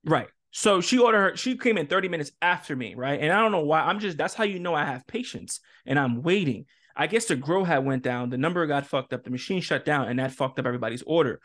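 A man's voice: on the high side, fast talker, few pauses. A young man co-hosting a casual podcast, telling a story with lots of cursing and acted-out quotes. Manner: animated storytelling, heavy cursing, acts out quotes. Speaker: podcast co-host.

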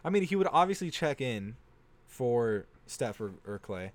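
A teenage boy co-hosting a casual sports podcast, animated and prone to stumbling over player names. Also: medium pitch, unhurried, no room sound. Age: teens. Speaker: podcast co-host.

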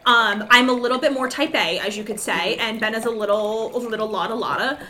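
A young woman guest on a comedy podcast, brash and profane with quick jokes. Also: fairly high pitch, pushed and bright. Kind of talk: casual comedic chat.

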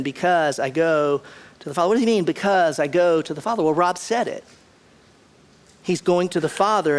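Animated high-voiced pastor, a man. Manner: animated, acts out quotes with shifting pitch and pace. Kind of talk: sermon.

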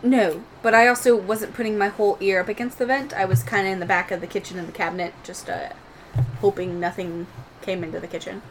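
A woman's voice: mid-range voice, fairly even intonation, fast talker, slight background noise, natural voice. A woman voicing a nervous young woman entertainer who hides from trouble. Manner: jittery, hiding from trouble.

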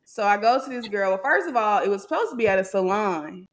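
A woman co-hosting a podcast, telling an animated, exasperated story and acting out what others said. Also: mid-range voice, fast. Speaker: podcast co-host. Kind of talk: casual storytelling to a co-host.

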